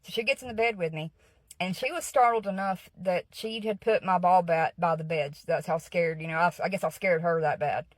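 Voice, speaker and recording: A woman's voice: fairly low pitch, brisk, dry recording, poor audio. A woman telling a personal story in a casual, earnest way, often checking in with her listeners. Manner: earnest, keeps checking in with "okay?". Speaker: guest storyteller.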